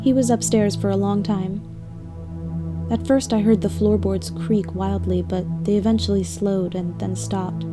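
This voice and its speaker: A woman's voice: medium pitch, fairly even intonation, unhurried. A woman narrating a scripted first-person story with an emotional, dramatic delivery. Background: music bed.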